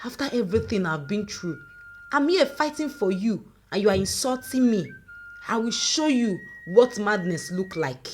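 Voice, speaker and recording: A woman voicing a furious, grieving middle-aged mother who shouts and scolds with sharp exclamations. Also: medium pitch, animated, normal speed, slight background noise, natural voice.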